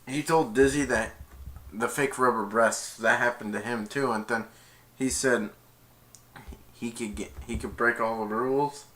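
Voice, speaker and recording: Bright-voiced man rambling through a movie recap. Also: medium pitch, unhurried. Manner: rambling, excited, with frequent restarts and chuckles. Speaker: movie reviewer.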